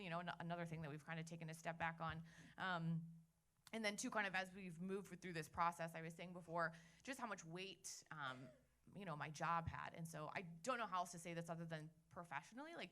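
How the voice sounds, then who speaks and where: A young woman talking quickly with a bright, forward tone as she opens up to an interviewer. Her pitch sits a little low for a woman. She fills her sentences with "like" and starts over mid-thought. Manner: chatty, many "like"s and restarts. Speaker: interview guest sharing her story. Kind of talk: candid conversational testimony.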